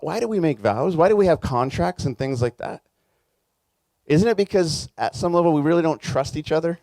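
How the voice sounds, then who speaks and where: A man's voice: mid-range voice, mellow, no room sound. A man preaching a sermon as a pastor, in a conversational, earnest way, with frequent restarts.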